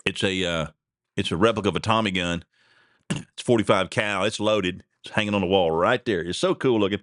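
Rambling, chuckling talk radio host. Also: male voice, deep voice, fairly quick, fairly bright tone, no echo, studio quality. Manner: rambling, chuckling, folksy asides. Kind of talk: casual talk radio monologue. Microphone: studio mic.

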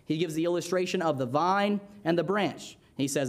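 A young man with a fairly high voice preaches in an easygoing, conversational way. He teaches like a Sunday school leader, pausing often for an "amen?" or a "right?". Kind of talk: sermon.

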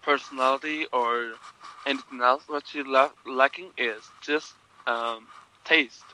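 A man's voice: mid-range voice, steady tone, measured pace, bright, forceful tone, slight background noise, low-quality recording. A man co-hosting a casual podcast chat, joking with frequent hesitations. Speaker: podcast co-host.

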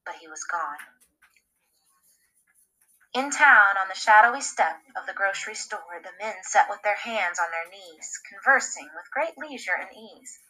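A woman reading a story aloud with expressive, dramatic narration. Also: mid-range voice, moderate pace, few pauses, poor audio. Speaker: podcast reader.

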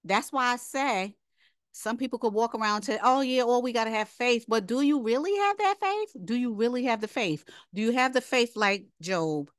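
This Bible teacher's fairly high voice has a sing-song lilt at a moderate pace, recorded dry in a clean studio. Her informal lesson is emphatic and chatty, with casual asides and points repeated as rhetorical questions.

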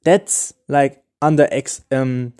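A man's voice: mid-range voice, fairly even intonation, slow, dark tone, clean tone. A man who is not a native English speaker, hosting a solo podcast and giving dating advice in a loose, explanatory way, often restarting and searching for words. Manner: loose, explanatory, full of "like" and "okay?". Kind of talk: casual solo podcast talk.

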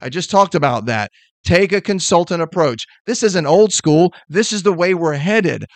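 A middle-aged man rattles off blunt, emphatic sales advice at high speed, like a motivational podcast host. His voice sits fairly high for a man. The sound is dry, with no room echo. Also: animated, normal speed. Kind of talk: energetic motivational talk.

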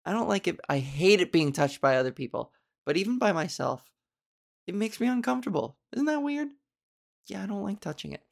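A woman's voice: medium pitch, very animated, brisk, vocal fry. A woman comedian hosting a podcast, telling stories in a casual, chatty way with wry, self-mocking asides. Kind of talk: casual comic storytelling.

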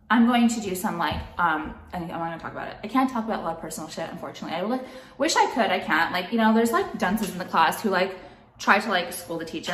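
A woman's voice: mid-range voice, fairly bright tone, echoey room. A woman makeup vlogger ranting at home, exasperated and profane, with "like" in nearly every sentence. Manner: exasperated, profane, heavy use of "like". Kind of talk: ranting vlog monologue.

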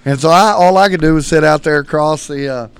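A man's voice: a little high, a little fast, clear, resonant tone, no echo. Folksy man telling rambling stories. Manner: rambling, folksy, laughs through his stories. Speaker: podcast guest. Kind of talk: casual storytelling.

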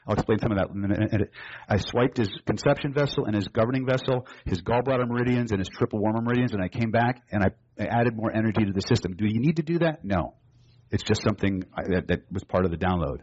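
A man's voice: medium pitch, darkish tone, breathy edge, muffled recording. A man teaching a live seminar, telling a story and acting out both sides of the dialogue, to a room of students. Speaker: hypnosis and NLP trainer.

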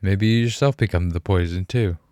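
A young Canadian man with a deep, smooth, dark voice hosts a podcast in a dry, close-sounding room. His talk is candid and emotional, coming in halting bursts full of swearing, fillers, restarted sentences, and frequent sighs between thoughts.

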